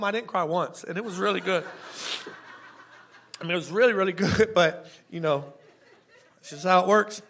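High-voiced man preaching a casual sermon. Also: normal speed, gravelly, long pauses, a bit bright. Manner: chatty, repeats words, asks the congregation questions. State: tearful at times. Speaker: pastor.

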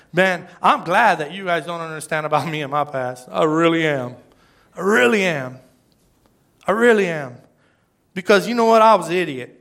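Male pastor, high bright voice, chatty self-deprecating sermon to the crowd. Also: animated, normal speed. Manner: conversational, self-deprecating, asks the crowd "right?". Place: church service before a congregation.

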